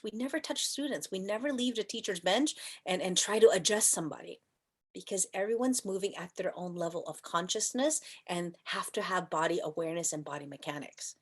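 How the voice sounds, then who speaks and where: Yoga teacher, woman, chatty and playful, lots of rhetorical questions, leads soft chants. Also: mid-range voice, fairly quick. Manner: soft chanting and whispering at times. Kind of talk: teaching an online class.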